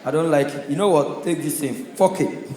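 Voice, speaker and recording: Loud Nigerian stand-up comedian, echoey venue. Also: male voice, on the high side, moderate pace, slight background noise. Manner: loud, punchy storytelling in pidgin. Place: comedy stage.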